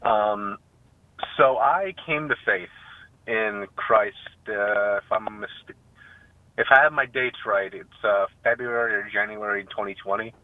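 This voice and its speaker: A man's voice: fairly low pitch, a little slow, no room sound. A young man with a New York accent, calling into a radio show and rambling with many fillers and restarts. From Staten Island, New York. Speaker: caller. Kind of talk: casual phone call. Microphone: phone. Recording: dry tinny phone line.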